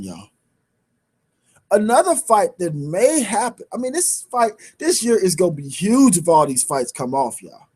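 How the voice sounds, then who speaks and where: Animated man talking sports. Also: sits high. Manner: animated, street-slang banter, repeats lines for emphasis. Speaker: sports radio host. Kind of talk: casual sports talk.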